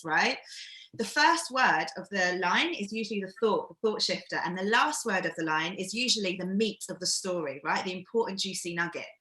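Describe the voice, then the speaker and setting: A woman leads a live-streamed acting workshop, coaching in a chatty, encouraging way. Her voice is bright and forward. She sounds echoey, as if on a video call from a bare room. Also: medium pitch.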